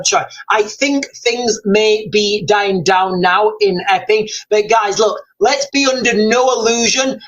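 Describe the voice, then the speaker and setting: A man's voice: sits high, a bit bright, lo-fi sound. A man hosting a livestream, talking urgently and rambling, with a habit of addressing viewers as "guys.". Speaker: livestream host. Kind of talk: livestream commentary.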